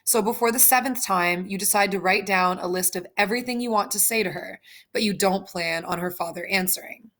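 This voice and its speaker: A woman's voice: mid-range voice, brisk, a bit bright. Woman reading a second-person story. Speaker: narrator.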